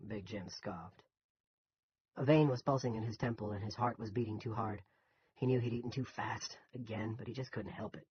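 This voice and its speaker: A man reading an audiobook in scripted narration, measured and even. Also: on the low side, dull audio.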